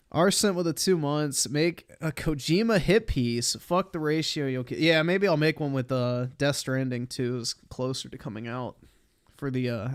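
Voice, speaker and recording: A man's voice: medium pitch, no echo, studio quality. A man streaming live, reacting to a video in a sarcastic, profane, exasperated way.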